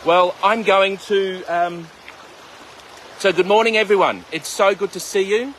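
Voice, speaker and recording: A man's voice: sits high, a little slow, fairly bright tone, a little hiss or hum. A man teaching mindfulness meditation outdoors beside a river, chatting with viewers by name and joking between his guidance. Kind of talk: casual livestream talk and guided meditation. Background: flowing river.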